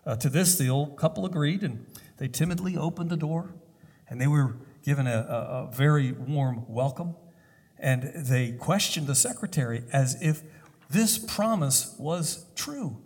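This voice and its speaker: A man preaching a sermon, telling a story deliberately, with pauses and hesitations. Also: fairly high pitch, darkish tone, breathy edge. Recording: long hall reverb.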